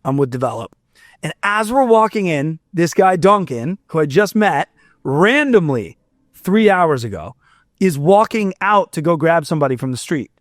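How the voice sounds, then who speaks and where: His voice is on the high side with big swings in pitch as this young Fort Myers musician, a podcast guest, rambles through a long story with restarts and quoted dialogue. He keeps a moderate pace, and the studio-quality recording is dry.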